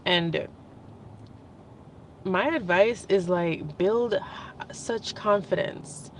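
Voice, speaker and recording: A woman's voice: medium pitch, extremely slow, slight background noise. A young adult woman talking in a casual, rambling vlog, emotional and laughing now and then. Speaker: vlogger. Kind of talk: casual spiritual vlog monologue.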